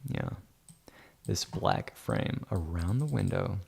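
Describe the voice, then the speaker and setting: A man's voice: low-pitched, sing-song, takes it slowly, vocal fry, darkish tone, husky. A man giving livestream commentary while editing photos, muttering to himself and breaking into sarcastic teasing rants. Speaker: photo editor streaming live.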